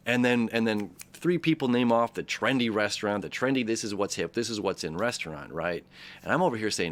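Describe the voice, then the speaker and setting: A man's voice: on the low side, moderate pace. A man hosting an astrology talk, loose and conversational, full of fillers and restarts, often checking in with "right?" and "okay?". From Detroit, Michigan area. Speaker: astrology channel host. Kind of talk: casual rambling commentary.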